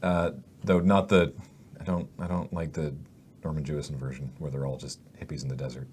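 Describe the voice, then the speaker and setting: A man in a casual brainstorming chat, rambling and acting out quick silly lines for sketch ideas. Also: rumbling low, little pitch movement, darkish tone, slightly rough. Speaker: comedy writer brainstorming sketches.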